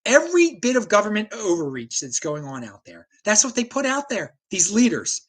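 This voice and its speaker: A man's voice: sits high, huge pitch swings, normal speed, slightly rough. An American man hosting a solo livestream, ranting with strong opinions and reading chat comments aloud. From United States. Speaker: livestream host.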